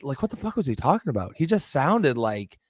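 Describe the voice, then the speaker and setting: Chill dude cohosting, swears here and there, dry close sound. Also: male voice, mid-range voice, sing-song, fairly quick, a little mellow, no echo. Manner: easygoing, laughs along, swears casually. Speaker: podcast co-host. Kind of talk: casual political chat.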